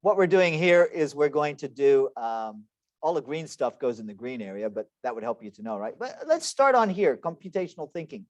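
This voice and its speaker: A man in his forties leads an online class, with a slightly high voice. He keeps the tone chatty and slips in self-deprecating jokes. His computer microphone gives a dry, close sound. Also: very animated, moderate pace, dry recording. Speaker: lecturer.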